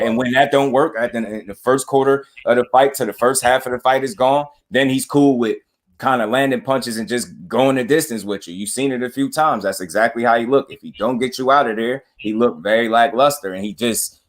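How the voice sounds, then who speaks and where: A man hosting a casual panel chat, talking boxing in a slangy, opinionated way. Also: mid-range voice. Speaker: boxing show host.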